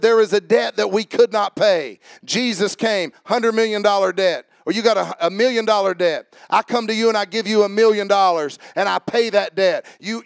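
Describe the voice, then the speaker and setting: A high-voiced man preaches in a church, talking quickly and rising into loud, shouted peaks. His voice is close and dry, with little room sound. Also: no room sound. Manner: fast, building to shouted climaxes. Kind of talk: sermon. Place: church sanctuary.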